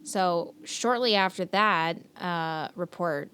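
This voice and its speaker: A woman's voice: fairly low pitch, takes it slowly, fairly bright tone, smooth. A young woman co-hosting a podcast, retelling a story in casual chat with lots of fillers and swearing. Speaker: podcast co-host.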